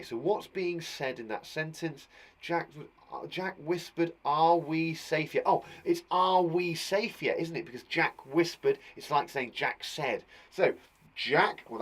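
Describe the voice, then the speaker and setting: A man with an English accent teaching a live online English lesson to young children, patient and encouraging, talking aloud as he writes. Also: fairly high pitch. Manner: patient, encouraging, talks aloud while writing. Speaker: primary school teacher.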